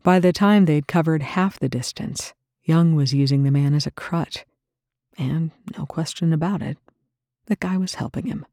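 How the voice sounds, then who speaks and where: A narrator reading a tense story aloud in a steady, dry storytelling manner. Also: medium pitch, moderate pace, dry recording. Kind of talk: scripted narration.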